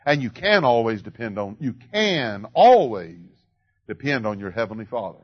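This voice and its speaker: An older man preaching a sermon in a church, swinging from ringing cries down to quiet, drawn-out murmurs. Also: medium pitch, big pitch swings, husky, dull audio. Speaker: pastor.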